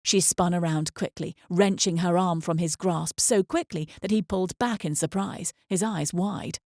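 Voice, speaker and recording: This audiobook narrator has a lowish voice and reads with measured, expressive storytelling. The mic is close and there's no room sound at all.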